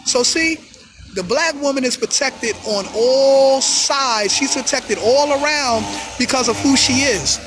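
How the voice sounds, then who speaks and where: A man talking in a casual monologue, animated, full of street slang, often acting out other people's voices. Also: extremely high pitch, a little slow, noisy background. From New York. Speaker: host. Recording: music in background.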